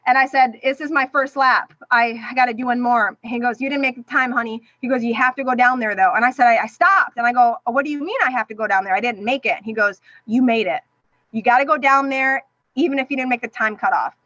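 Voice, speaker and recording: Podcast guest, middle-aged woman, high bright voice, animated storyteller, dry dull recording. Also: quick pace, no echo. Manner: animated, acts out quoted voices. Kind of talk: emotional personal storytelling.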